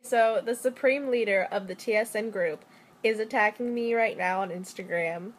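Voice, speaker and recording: A woman's voice: mid-range voice, moderate pace. A young adult woman chatting casually into her phone camera, rambling and joking with lots of "like". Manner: rambling, joking, heavy use of "like". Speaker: vlogger. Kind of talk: casual selfie-story chat.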